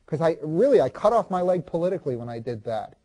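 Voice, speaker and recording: A man playing a proud ancient king in a first-person monologue, confiding and halting, restarting and repeating his words. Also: a little high, sing-song, warm tone. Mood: brooding. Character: proud ancient king recalling his marriage, self-justifying.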